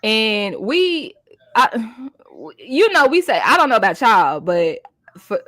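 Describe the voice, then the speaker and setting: A woman's voice: on the high side, very animated, takes it slowly, fairly bright tone, no echo, studio quality. Blunt, profane young woman recap host. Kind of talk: live recap chat.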